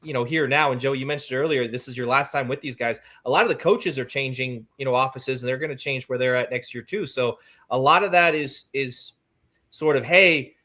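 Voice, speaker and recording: A man's voice: medium pitch, a little fast, pushed and bright. A man on a sports talk radio show, talking casually about players and coaches before a big game. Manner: conversational, with many fillers.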